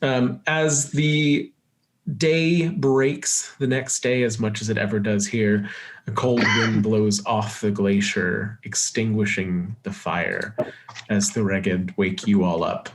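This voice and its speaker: A man narrating a tabletop game as game master, with measured description and quick asides. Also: fairly low pitch, steady tone, a little hiss or hum.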